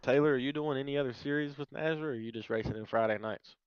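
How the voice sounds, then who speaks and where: A man's voice: medium pitch, fast talker, clear, resonant tone, no echo, muffled recording. A man hosting a racing podcast, plainspoken, prodding the others with questions. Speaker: podcast host. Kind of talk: casual chat, asking questions.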